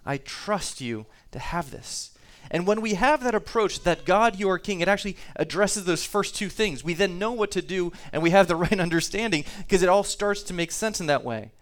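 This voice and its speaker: Conversational preacher with a smooth voice. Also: male voice, high voice, expressive, moderate pace, few pauses. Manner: conversational preaching, reads scripture aloud, repeats words. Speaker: pastor. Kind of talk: sermon.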